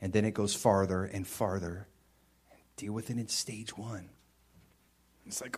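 A man preaching a sermon in a conversational way, with emphatic bursts and quieter stretches. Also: fairly low pitch, fairly even intonation, a little slow, breathy edge. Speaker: pastor.

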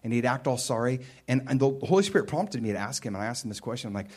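A man delivering a sermon in an easy, conversational way, as if talking straight to the room. His voice sits at an ordinary middle pitch, climbing into loud, emphatic bursts before dropping back to a low, earnest tone. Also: rapid-fire, few pauses, husky. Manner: animated, conversational preaching with rising emphatic bursts and quieter stretches. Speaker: pastor.

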